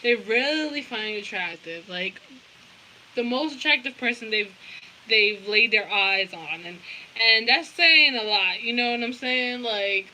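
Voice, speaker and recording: A woman's voice: a little high, measured pace, bright, forceful tone, slight background noise, low-quality recording. A young woman giving a casual tarot reading, blunt and profane, with lots of slang. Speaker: tarot reader.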